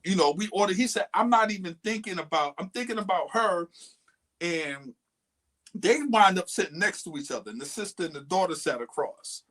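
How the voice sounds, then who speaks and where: A man's voice: high-pitched, lively intonation, moderate pace, fairly bright tone. A man co-hosting a podcast, casually and animatedly retelling a friend's dating story with quoted lines. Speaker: podcast co-host.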